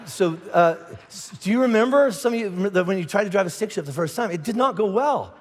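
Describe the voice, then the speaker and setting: Middle-aged man, pastor, high voice, storytelling sermon in a reverberant auditorium. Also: a little fast. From Indiana. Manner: animated storytelling with lots of restarts and acted asides. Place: large church auditorium. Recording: long hall reverb.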